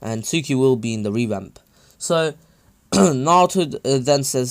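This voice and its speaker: A man's voice: medium pitch, animated, unhurried. A man casually recapping a fan-made story, rambling with many fillers and self-corrections.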